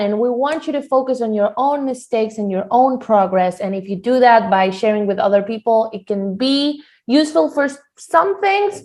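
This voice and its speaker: A woman teaching a live online Spanish lesson on a video call, lively and quick to laugh. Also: mid-range voice.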